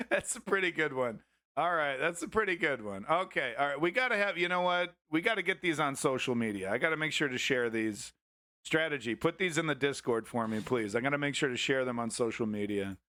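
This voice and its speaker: A man's voice: medium pitch, animated, a little fast, pushed and bright. A man hosting a live news stream, chatting casually, laughing and rambling. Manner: laughing, rambling, self-mocking.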